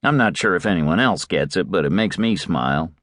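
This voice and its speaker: A man's voice: low-pitched, expressive, fairly quick, fairly bright tone, no room sound, studio quality. A man reading a first-person audiobook in a wry, laid-back way. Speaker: audiobook narrator.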